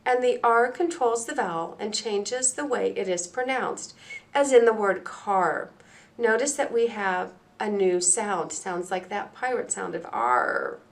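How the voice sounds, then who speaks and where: A woman narrating a recorded teacher-training lecture. She explains phonics step by step, slowly and with care, in a clear middle-pitched voice. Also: lively intonation. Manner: slow, deliberate, explains step by step.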